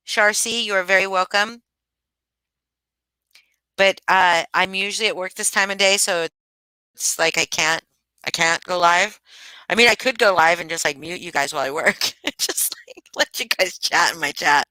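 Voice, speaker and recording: A sleepy woman chats loosely with her livestream viewers from home and calls them by name. Her voice sits a little low but has a bright, forward edge. The sound is dry and close. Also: normal speed, pauses often, clear, resonant tone, no echo, rough recording. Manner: rambling and chatty, addressing viewers by name. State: sleepy and yawning. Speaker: livestream host. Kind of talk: casual chat with livestream viewers.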